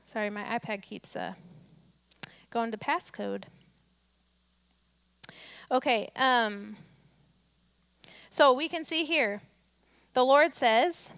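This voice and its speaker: A woman pastor preaching with a slightly high voice, her talk easy and conversational before it swells into emphatic declarations. The sound is dry and close, with no room echo. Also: takes it slowly, long pauses, fairly bright tone. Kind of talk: sermon.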